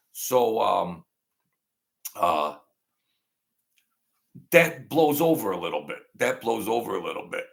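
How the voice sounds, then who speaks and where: A man's voice: lowish voice, sing-song, takes it slowly, creaky, pauses often. A man from Brooklyn, rambling through a story in a casual monologue, repeating phrases and acting out what people said. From Brooklyn, New York. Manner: rambling, repeats phrases, acts out quoted lines. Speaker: storyteller host.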